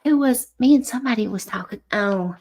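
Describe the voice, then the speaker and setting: A middle-aged woman hosts a casual livestream, chatting frankly with viewers, cussing freely and often restarting her sentences in a halting way. Her voice is fairly high, creaky and a little mellow, with a little hiss or hum in the audio.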